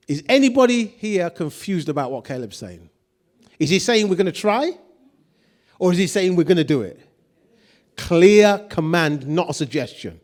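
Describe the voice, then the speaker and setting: A man's voice: high-pitched, very animated, unhurried, pauses often, a little mellow. A man preaching a sermon, acting out quoted voices and putting questions to the congregation. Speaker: pastor.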